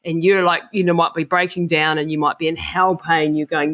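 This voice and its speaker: Lively New Zealand woman telling race stories. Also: deep voice, a little fast. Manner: energetic storytelling, acting out inner voices. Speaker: guest. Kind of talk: podcast interview.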